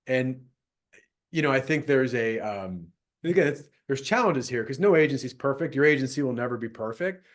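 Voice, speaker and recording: A man's voice: mid-range voice, animated, normal speed. A man in his fifties hosting a podcast in a casual conversation, rambling with many restarts and fillers. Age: 50s. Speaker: podcast host.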